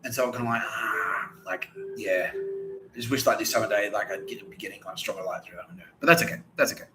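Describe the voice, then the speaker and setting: A man's voice: on the low side, quick pace, noisy background. A man hosting a podcast, rambling and laughing often, swearing and acting out quoted voices. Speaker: podcast host. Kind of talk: rambling monologue.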